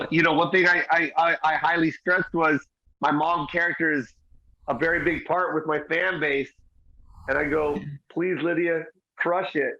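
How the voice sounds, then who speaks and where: A man's voice: fairly high pitch, steady tone, measured pace, pushed and bright, slight background noise. A man, a comedian and film star, talking enthusiastically in a casual interview, stressing his points with repetition. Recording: dull lo-fi audio.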